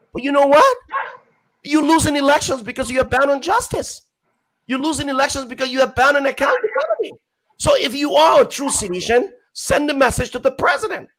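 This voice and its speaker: A man's voice: very high-pitched, a bit bright, rough recording. A young Liberian man arguing hard on a forum panel, reading quotes aloud and driving home his points through repetition. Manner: emphatic, reads quotes aloud, repeats phrases. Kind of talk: impassioned political argument.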